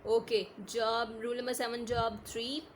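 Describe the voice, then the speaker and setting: A woman teacher giving a patient online lesson, often checking if it is clear and mixing in Hindi-Urdu phrases. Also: on the high side, flat delivery, moderate pace, slight background noise.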